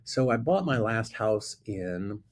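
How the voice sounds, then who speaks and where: A man telling an animated story about his past, acting out both sides of a conversation. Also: fairly low pitch, slow. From Florida. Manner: lively storyteller who acts out both sides of dialogue. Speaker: guest investor telling a story. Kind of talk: animated anecdote on a talk show.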